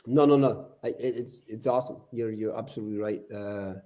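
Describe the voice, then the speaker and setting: A man's voice: on the low side, fairly quick, mellow. Older man preaching earnestly on a podcast. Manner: earnest, preachy, repeats words. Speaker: podcast guest. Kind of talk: casual podcast discussion.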